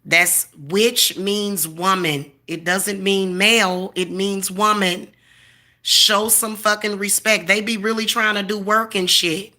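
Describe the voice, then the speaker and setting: Woman, 40s, bright tense tone, mid-height voice, profane confrontational rant, boastful, defiant. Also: medium pitch, steady tone, slow. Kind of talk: ranting monologue to camera.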